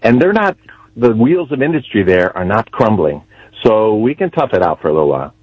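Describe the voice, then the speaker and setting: Male radio caller, husky voice, hesitant, dry muffled phone-in sound. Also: on the low side, big pitch swings, a little fast, a little mellow, no room sound. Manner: hesitant, casual. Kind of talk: phone-in call. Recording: dull dry phone-in line.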